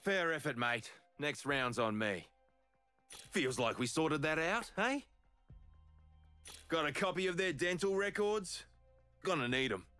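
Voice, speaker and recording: An actor with an Australian accent playing a rowdy, boastful older demolitions brawler in video game voice lines, gruff and jokey. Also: male voice, a little high, animated, unhurried, pauses often, sharp tone, soft background music. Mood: cocky, taunting.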